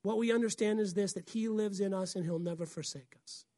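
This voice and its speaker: Animated woman pastor preaching. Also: medium pitch, fairly quick, no echo, clean studio sound. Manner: animated, acts out voices, laughs often. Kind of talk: sermon.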